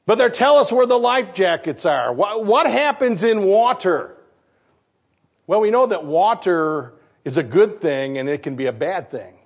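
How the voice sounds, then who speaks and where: Pastor, male, slightly high voice, lively sermon full of questions to the congregation, muffled lo-fi recording. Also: normal speed, breathy edge. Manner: animated, questions the congregation, acts out quotes. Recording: dull lo-fi recording.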